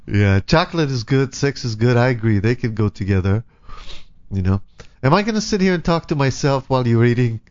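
Lively joking man host, lo-fi sound. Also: medium pitch, brisk. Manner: joking, self-mocking, laughs often. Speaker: radio show host. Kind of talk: casual on-air banter.

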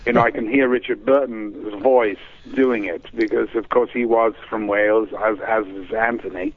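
A man's voice: fairly low pitch, fairly even intonation, moderate pace. A man from England, a guest chatting in a radio interview, rambling and hesitant as he tells stories. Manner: rambling, hesitant, warm storyteller. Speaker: guest performer. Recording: tinny phone line.

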